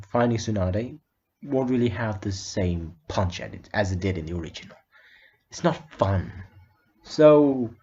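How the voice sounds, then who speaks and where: Chill guy rambling through a fan story, swears a bit, warm mellow voice, lo-fi mic. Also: mid-range voice. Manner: loose, chatty, swears casually. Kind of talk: casual fan-fiction storytelling. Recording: slightly dull lo-fi recording.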